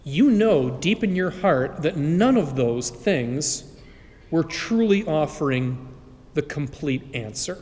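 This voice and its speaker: A man's voice: a little high, animated, slow pace, darkish tone. A male priest voicing a polite, formal voice inside a man's head that offers him righteousness. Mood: courteous. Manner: formal, courteous. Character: polite, respectful final inner voice. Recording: long church reverb.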